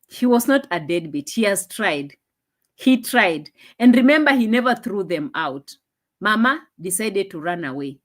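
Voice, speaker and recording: Hosting a relaxed live stream through her phone's microphone, a young woman chats and laughs at a measured, animated pace, now and then dropping her voice for low asides.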